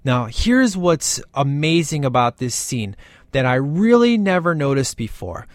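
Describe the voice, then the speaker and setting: A man talking casually and with excitement through a movie's scenes, gushing as he goes and often tagging "man" onto his lines. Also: a little high, measured pace, no echo, studio quality. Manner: gushing and animated, keeps saying "man". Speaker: film commentator.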